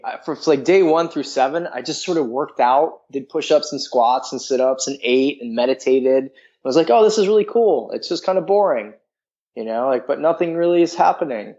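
A man's voice: medium pitch, a little mellow, muffled recording. A man telling a personal story in a frank, rambling way, full of filler words. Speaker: guest.

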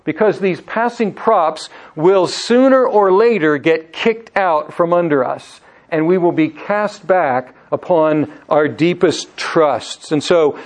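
Man preaching a measured sermon. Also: a little high, a little mellow. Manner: measured, slows down on key phrases. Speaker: pastor.

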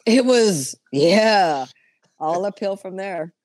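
A woman's voice: medium pitch, expressive, slow pace, darkish tone, no echo. A woman in her fifties, a guest telling a story with lots of laughing and swearing in casual chat.

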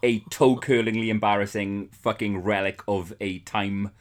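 A man with a slightly low voice, talking in a blunt, casual way. He swears freely and dismisses things with scathing one-liners as a podcast co-host. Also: fairly even intonation, normal speed. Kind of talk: casual chat.

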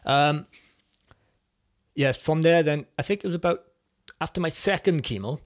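A man as a podcast guest, speaking reflectively and hesitantly with many pauses as he tells his personal story. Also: fairly high pitch. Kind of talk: personal testimony in conversation.

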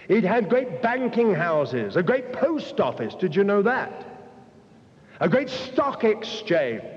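A man preaching at a slow, deliberate pace in a fairly high voice, piling up long repeated lists and turning straight to his listeners. The sermon rings through a large hall on a dull, muffled recording. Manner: addresses listeners directly.

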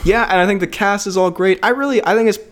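A man's voice: high-pitched, quick pace. A young man co-hosting a casual podcast, joking and swearing as he chats. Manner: joking, swears, laughs often. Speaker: podcast co-host. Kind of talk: casual chat.

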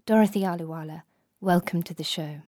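A woman hosting a radio arts show, asking polite, measured interview questions. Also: fairly low pitch, dark tone, no room sound, studio quality.

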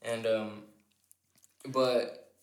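A man's voice: on the low side, flat delivery, extremely slow. A young man casually telling a long story on a podcast, rambling and swearing freely, with many restarts and fillers. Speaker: podcast co-host. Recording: echoey room.

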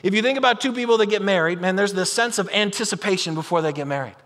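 Male preacher with a high, bright voice, lively and chatty delivery, long hall reverb. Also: fast. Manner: animated, conversational, acts out imagined voices. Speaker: pastor. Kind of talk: sermon.

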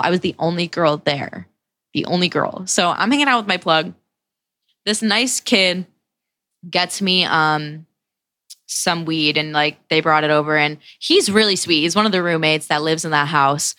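A young woman in her twenties hosting a podcast, telling a personal story in a casual, profane, animated way and acting out what people said. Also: on the low side, normal speed, dry recording. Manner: profane, animated retelling with acted-out quotes. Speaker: podcast host.

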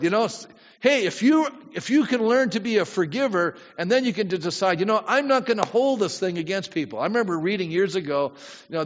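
A man's voice: sits high, big-room sound, muffled recording. A man pastor preaching a sermon in a conversational way, often asking the congregation questions.

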